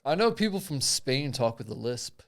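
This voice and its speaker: Animated man swearing in podcast banter. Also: medium pitch, moderate pace, gravelly. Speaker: podcast co-host. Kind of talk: casual chat.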